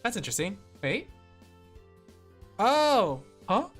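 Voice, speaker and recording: Casual streamer voice, mid pitch, rambling and giggly, chatting into a streaming mic with faint music behind. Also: big pitch swings, takes it slowly, a bit bright, slightly rough. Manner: chatty, rambling, laughs often, talks to chat. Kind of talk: casual livestream chat while drawing. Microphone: streaming microphone with headphones.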